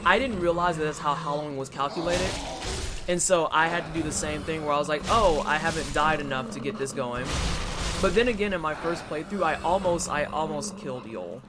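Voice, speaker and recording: Chatting casually with chat and reacting as he plays, a man provides laid-back gameplay commentary on his stream. He speaks fairly quickly in a slightly high voice, and background noise is clearly audible.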